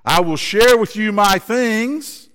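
A man voicing a mountain echo that repeats words back slowly in a raised voice. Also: sits high, huge pitch swings, a bit bright, pitched above the performer's own voice, full character voice. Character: echo of a mountain answering a boy. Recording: long hall reverb.

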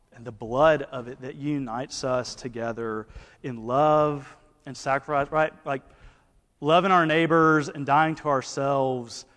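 A campus pastor from Alabama with an Alabama accent, speaking at a medium pitch. He tells stories in a relaxed, chatty way full of fillers, and a long hall echo hangs behind his voice. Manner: conversational, many fillers. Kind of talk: ministry talk with anecdotes.

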